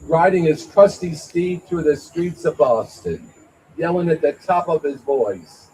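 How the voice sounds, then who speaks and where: A man doing a stand-up comedy set at an open mic, with a halting, stammering delivery full of fillers and chuckles at his own jokes. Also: medium pitch, darkish tone, a little hiss or hum, rough recording. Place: small venue at an open mic night.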